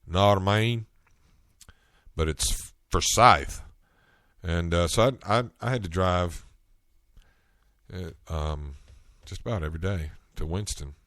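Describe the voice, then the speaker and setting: A man with a Southern US accent, from North Carolina, chatting through stories in a loose solo podcast. His voice sits very low, and the recording is dry. He talks in a relaxed way with frequent restarts. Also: slow, long pauses, no room sound. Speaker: podcast host. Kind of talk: casual solo monologue.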